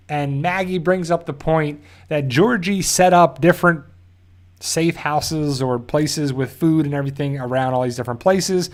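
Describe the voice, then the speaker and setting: A man's voice: on the high side, moderate pace. A man casually recapping a TV episode, rambling and correcting himself as he goes. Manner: rambling, self-correcting, loosely paraphrases scenes. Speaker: TV show reviewer.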